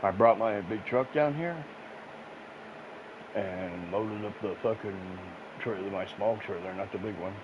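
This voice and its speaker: A gaming streamer with a fairly low voice and a measured pace tells crude, rambling stories while playing, breaking into bursts of laughter and swearing freely. It's casual, profane storytelling over gameplay, recorded in muffled lo-fi with a noisy background.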